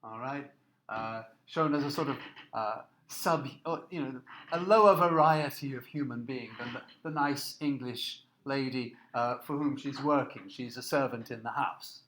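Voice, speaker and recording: A man giving a recorded lecture, explaining slides in a halting way with many fillers and restarts. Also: medium pitch, a bit bright. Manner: explanatory, asks listeners to look at slides.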